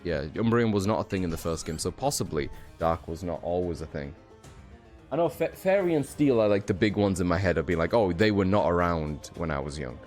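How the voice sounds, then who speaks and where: A tired young man chats through a video game, slightly low-pitched and rambling, tossing in fillers and offhand swears. Faint game music plays underneath him. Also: animated, a little fast, a little mellow. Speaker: streamer. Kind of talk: casual gameplay commentary.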